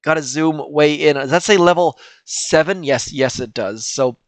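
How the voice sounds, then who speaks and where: A man's voice: on the high side, moderate pace, dry recording. An older man casually commentating his gameplay as a channel host, chatty and self-deprecating, thinking aloud as he plays.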